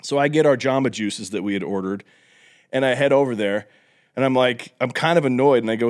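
Animated young man telling stories. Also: medium pitch, a little fast. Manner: animated storyteller, slips into put-on voices for quotes. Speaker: podcast host. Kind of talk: casual chat.

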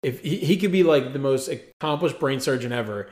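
A man's voice: medium pitch, a loud crowd. A young man co-hosting a podcast, riffing and joking in casual banter. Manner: joking, quick riffing, puts on voices in quotes. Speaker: podcast co-host.

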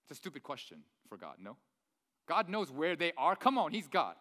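A male pastor, around his thirties, preaching in a lively, conversational way with many rhetorical questions. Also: on the high side, moderate pace. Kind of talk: sermon. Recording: long reverb of a large hall.

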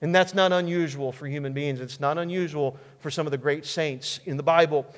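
A male pastor preaching a sermon in an earnest, emphatic way with dramatic pauses. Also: fairly high pitch, steady tone. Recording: long hall reverb.

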